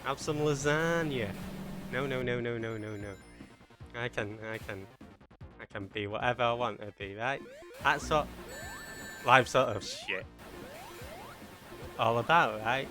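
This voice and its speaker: Game music plays as a Mancunian streamer from Manchester, England, chats with his viewers during live gameplay. His mid-range voice moves through big pitch swings at a measured pace with long pauses, and he rambles and jokes in a self-mocking way.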